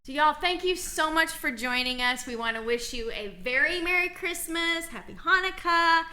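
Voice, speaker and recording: Woman, podcast host, high voice, bright, upbeat casual sign-off. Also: normal speed. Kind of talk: casual chat.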